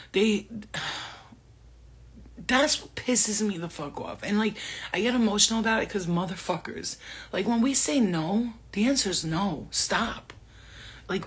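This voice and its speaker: On a casual livestream, a middle-aged woman speaks as a spiritual medium, laughing a lot, cursing, and talking with animation. Her voice is medium in pitch with a breathy edge.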